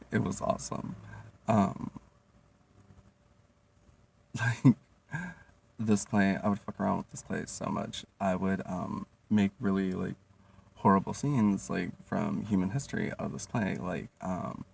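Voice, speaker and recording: A young man with a deep, gravelly voice tells funny stories in a loose, rambling way, full of fillers and swearing. He sits back from the mic, and a faint hiss runs underneath. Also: darkish tone. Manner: rambling, lots of "like" and "um", swearing, laughing. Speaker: vlogger. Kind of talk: casual comedic storytelling. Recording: distant mic, faint noise.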